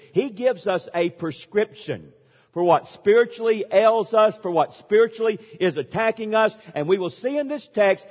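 A man with a high voice delivers an emphatic sermon, leaning on dramatic pauses. His words ring out with a long reverb in a large church sanctuary. The recording sounds dull and muffled. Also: slightly rough. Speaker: pastor.

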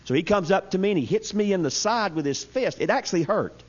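A man delivers a humorous sermon in a light, slightly high voice. He tells stories to his congregation in a folksy, animated way. The recording sounds dull and lo-fi. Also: fast talker. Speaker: preacher. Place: church service.

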